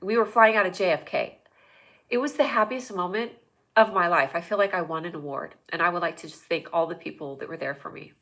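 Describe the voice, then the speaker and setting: Woman host, thirties, bright forceful voice, rambling excitable storyteller. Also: medium pitch. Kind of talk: casual live-stream storytelling.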